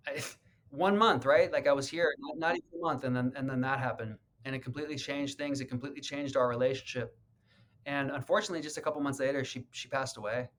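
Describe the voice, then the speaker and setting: A man's voice: medium pitch, a bit bright. Earnest man telling a heartfelt story. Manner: earnest, heartfelt, repeats words when emotional. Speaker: real estate agent. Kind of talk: personal storytelling in a sit-down interview.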